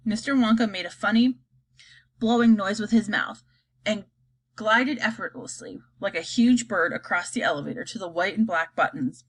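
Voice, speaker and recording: A woman reading a children's storybook aloud, expressive and lively. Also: mid-range voice, normal speed. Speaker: reader.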